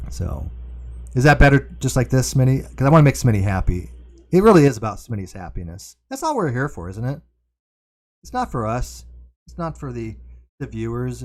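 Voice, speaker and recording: A man hosting a casual livestream from his home streaming room, rambling along and talking to his chat. He corrects himself often and slips in wry asides. His voice sits mid-range into a desk mic that he now and then turns away from. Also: mid-range voice. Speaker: livestream host. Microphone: cardioid desk mic, sometimes turned away.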